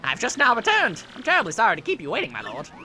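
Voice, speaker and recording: A man voicing a fussy, fawning old female turtle witch who serves a villain, in a high, simpering voice. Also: huge pitch swings, quick pace, bright, forceful tone, soft background music, heavily acted.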